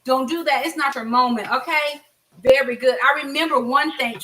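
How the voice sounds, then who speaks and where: In this casual cooking vlog, an American woman of middle age cooks at home and offers viewers blunt but friendly advice. She speaks at a moderate pace in a high, slightly bright voice. Her voice sits a bit far from the mic.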